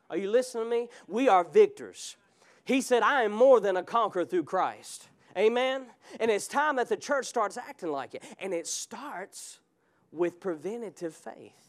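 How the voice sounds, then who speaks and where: A man's voice: very high voice, lively intonation, moderate pace. A male pastor preaching a fervent sermon in a church, with call-and-response asides to the congregation. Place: church sanctuary.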